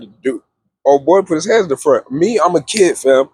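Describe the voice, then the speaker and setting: Husky young man, laid-back storytelling. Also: fairly high pitch, expressive, fast, a little mellow, no room sound. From Texas. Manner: laid-back, says "fam" constantly, acts out voices with laughs. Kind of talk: casual storytime vlog.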